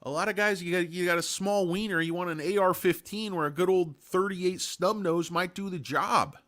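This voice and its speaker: Speaking at a normal speed in a high-pitched, somewhat bright voice, a man hosts a casual live stream about stocks. He rambles through his points, tosses in crude joking asides, and greets chat viewers by name.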